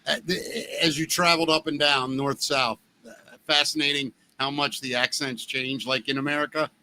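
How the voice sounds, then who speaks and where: A man co-hosting a podcast in casual, excitable chat. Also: medium pitch, moderate pace. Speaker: podcast co-host.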